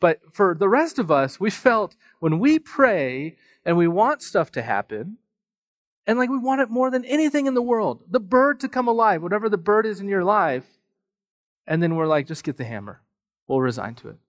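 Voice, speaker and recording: A man with a slightly high voice preaches to his congregation, spinning a personal story with self-deprecating humor and lots of casual asides. The sound is dry and close, with little room echo. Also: normal speed. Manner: animated, with frequent fillers and asides. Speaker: pastor. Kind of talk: sermon.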